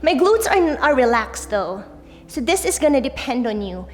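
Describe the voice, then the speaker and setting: A young woman leads a yoga class in a casual, upbeat way, tossing in "like" and "right?" as she cues each pose. Her voice sits a little high. A long reverb trails behind her, with faint music underneath. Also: sing-song, normal speed. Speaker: yoga instructor. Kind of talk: guided yoga class instruction.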